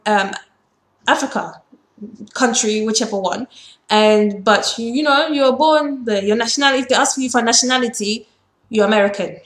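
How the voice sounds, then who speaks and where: Emphatic woman vlogger in an echoey room. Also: a little high. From Ghana. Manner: emphatic, lecturing directly to viewers. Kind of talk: opinion vlog to camera.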